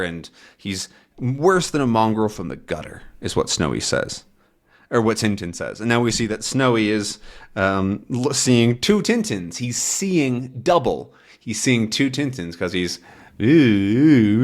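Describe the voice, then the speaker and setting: A male English teacher who talks slowly and clearly, rephrasing each word for learners. His pitch rises and falls a lot, which keeps his explanations lively. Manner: patient, repeats and rephrases words, animated. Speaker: English teacher and channel host. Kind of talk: slow explanatory language lesson.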